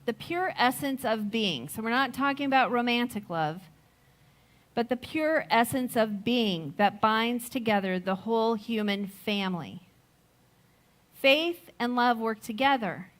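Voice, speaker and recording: A middle-aged woman giving a sermon, slow and reflective, telling a personal story with gentle laughs. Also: on the high side. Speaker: speaker at a Sunday service.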